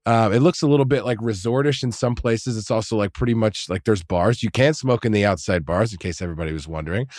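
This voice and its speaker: A man's voice: fairly low pitch, fast talker, a little mellow, no room sound, studio quality. Rambling, cussing guy telling a story. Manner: rambling, profane storytelling with many fillers. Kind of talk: casual chat.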